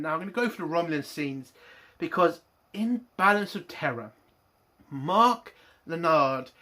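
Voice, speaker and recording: A man's voice: fairly high pitch, pushed and bright. A man giving a blunt, exasperated TV review, full of swearing and frustration. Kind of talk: ranting review monologue.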